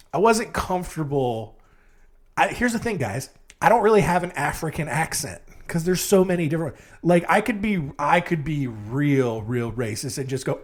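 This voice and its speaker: A sleepy young man hosting a comedy true-crime podcast, rambling and self-mocking, with sudden jumps in pitch. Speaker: podcast host.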